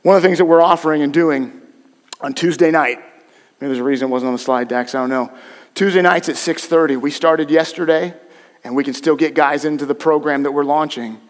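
A man preaching a sermon as pastor, his voice sitting a little high and ringing with long reverb through a church sanctuary. He talks straight to his congregation in a conversational way, dropping to a hush and then rising to loud emphasis. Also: fairly even intonation, a little fast. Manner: impassioned preaching with dramatic swings from hushed to loud.

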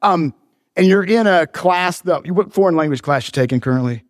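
A man's voice: sits high, expressive, normal speed, dry recording, clean studio sound, big-room sound. A pastor in his forties, preaching a sermon in a church, mixing joking teases with earnest preaching. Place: church sanctuary.

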